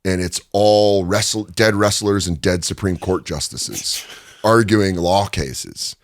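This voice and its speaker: Speaking slowly in a deep voice, a stand-up comedian spins stories during a relaxed interview in a recording studio. He laughs a lot and brings plenty of energy, and there's no room sound.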